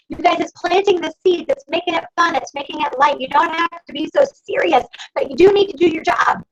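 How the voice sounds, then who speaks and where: A woman coaching her sales team over a video call, talking fast and exclaiming often as she calls out to her listeners. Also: sits high. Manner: fast, animated, exclamatory, addresses listeners as "you guys". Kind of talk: energetic sales training talk. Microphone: computer mic on a video call. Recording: dull lo-fi video call audio.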